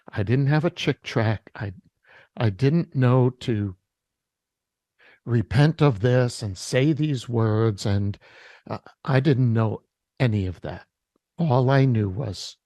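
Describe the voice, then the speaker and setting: A man shares a personal testimony in an interview, unhurried and reflective, often stopping to restart a phrase. His voice is emotional, close to tears, and sits at an ordinary pitch. The sound is dry and close, with no room echo. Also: dark tone. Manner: slow, reflective, halting with restarts. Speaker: interview guest, worship artist.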